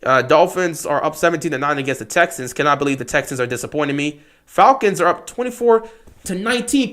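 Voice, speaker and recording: High-voiced excitable football streamer man. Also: fast talker. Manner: excitable, shouts at big plays then mutters. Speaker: livestream host. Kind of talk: live football watch-along commentary.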